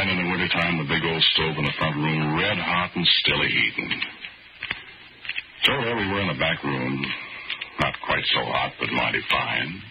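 An actor playing an easygoing working man who tells his story in a relaxed, folksy way, in 1940s radio acting. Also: very deep voice, very noisy. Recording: dull old radio recording with music.

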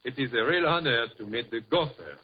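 A man's voice: mid-range voice, lively intonation, a little fast, very noisy. A man with a French accent, a native French speaker, appearing as a singer guest and speaking in a polite, courtly way. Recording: lo-fi old radio broadcast with music.

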